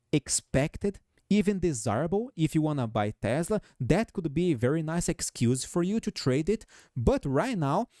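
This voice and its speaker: A man's voice: a little high, dark tone, dry recording, clean studio sound. A man with a noticeable foreign accent who hosts a show on stock charts. He walks viewers through chart levels and keeps checking in with "okay?" and "guys". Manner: peppers talk with "okay?", "right?" and "guys". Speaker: stock market analyst host. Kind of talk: technical chart analysis commentary.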